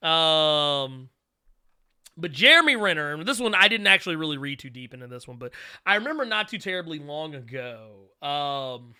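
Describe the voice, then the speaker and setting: Hosting a casual live-stream, a man speaks in a very bright, ringing, clean-toned voice that sits slightly high. He rambles animatedly, restarting often and tossing quick asides to his viewers.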